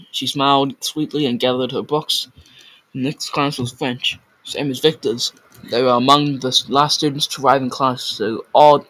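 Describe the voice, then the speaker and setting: A man's voice: medium pitch, a bit bright, poor audio. A man reading a story aloud in a casual way, often stumbling over words and correcting himself.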